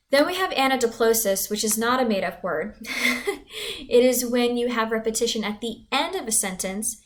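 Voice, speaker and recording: Woman teacher walking thru a lesson, chatty, says um a lot. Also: a little high. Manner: casual, explanatory, with fillers. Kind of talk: recorded classroom lesson.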